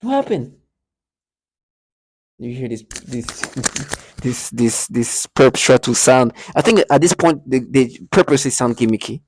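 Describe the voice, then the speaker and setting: A man's voice: medium pitch, animated, a little slow, slightly rough. A man talking emotionally to camera in an agitated monologue, stammering and repeating words as he goes. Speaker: vlogger.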